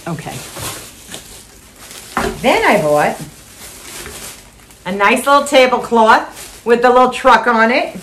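A woman's voice: a little high, slight background noise. An older woman chatting casually at home as she shows off her shopping haul, gushing and repeating herself with little laughs. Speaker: vlogger showing a shopping haul.

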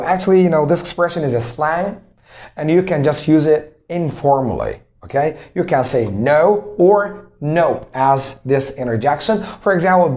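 A man giving an English lesson. His pitch swings widely as he explains, cheering learners on and repeating each word several times so they can practise it. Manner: animated, motivational, repeats words for drilling. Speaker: English teacher and self-improvement coach.

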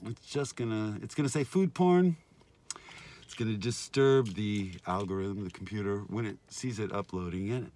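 A man rambling in a casual vlog, outdoors at a food stand, his voice swinging between loud and muttered. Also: fairly low pitch, normal speed. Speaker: vlogger. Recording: noisy street ambience.

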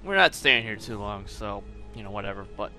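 A man hosting a gameplay commentary, crude and joking, swearing as he plays. His voice is very bright and tense, bouncing lively up and down, with faint game music behind. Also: on the low side, a little fast. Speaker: gaming channel host.

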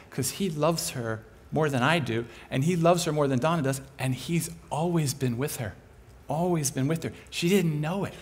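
A man preaching a sermon as an animated, humorous storyteller. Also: a little high.

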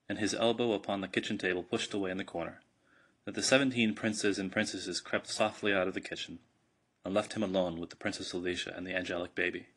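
Low, husky male storybook narrator. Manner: measured, steady reading. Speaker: audiobook narrator. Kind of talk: storybook reading.

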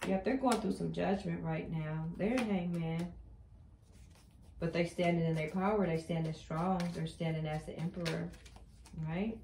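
A woman's voice: on the low side, steady tone, normal speed, a little mellow, reverberant, a little hiss or hum. A woman giving a casual tarot card reading. She talks emphatically and keeps repeating her points with chatty affirmations. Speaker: tarot reader.

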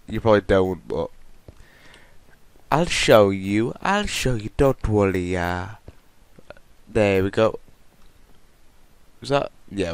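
Male gamer, low and unhurried, muttering and self-correcting, dry close mic. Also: darkish tone, clear, resonant tone, dry recording. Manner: rambling, self-correcting, talks to himself while building. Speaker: Minecraft let's play host. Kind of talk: casual gameplay commentary.

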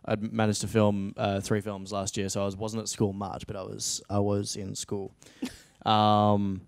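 Young Australian man, flat smooth voice. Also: lowish voice, measured pace, no room sound. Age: late teens. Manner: rambling, many restarts and fillers. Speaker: actor guest. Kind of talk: casual interview chat. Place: interview studio.

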